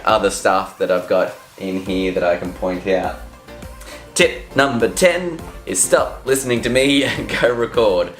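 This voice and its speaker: This vlogger's voice sits fairly low as he cheerfully chats through voiceover advice, laughing at his own expense. He's on his feet at a standing studio microphone, surrounded by couches and chairs, with echo and faint background music in the recording.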